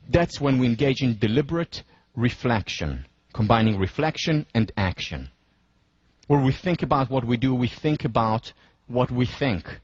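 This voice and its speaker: This university lecture comes from a man with a mid-range, husky, slightly breathy voice who speaks deliberately and slows down for emphasis. He walks his listeners through scenarios step by step, and the recording is dry, with no room sound, and a bit dull like a muffled classroom.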